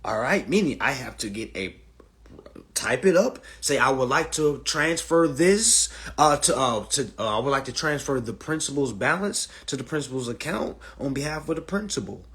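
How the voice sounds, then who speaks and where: Profane, animated man with a husky voice. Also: medium pitch, moderate pace. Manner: animated, profane, keeps asking "all right?" and calling listeners "family". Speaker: host explaining finance to listeners. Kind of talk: casual profane monologue lesson.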